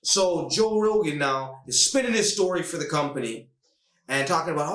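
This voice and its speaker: A man hosting a casual podcast, talking fast and emphatically about a fight, now and then mimicking other people. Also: fairly high pitch, lively intonation, a bit bright. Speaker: podcast host. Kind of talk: animated casual podcast rant. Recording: echoey room, distant mic.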